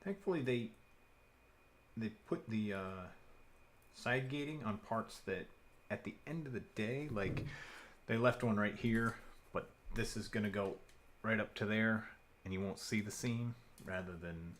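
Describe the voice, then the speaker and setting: A man's voice: lowish voice, measured pace, long pauses, a little hiss or hum. A man chatting casually and thinking aloud while he builds a model kit on a live stream. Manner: relaxed, rambling, thinking aloud.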